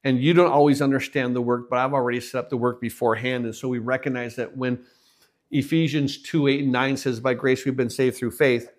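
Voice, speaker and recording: A man preaching a sermon, telling a story with his voice rising and then dropping almost to a hush. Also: mid-range voice, little pitch movement, fairly quick. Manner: storytelling, voice swells and drops to near hush.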